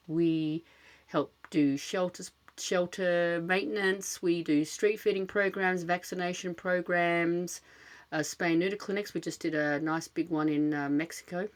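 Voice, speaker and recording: An older Australian woman talks fast and chattily, filling her speech with little fillers and poking fun at herself. Her voice sits fairly low for a woman. She is hosting a casual solo podcast. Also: steady tone. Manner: chatty, self-deprecating, fast-talking with many fillers. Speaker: podcast host. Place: small closet lined with cushions.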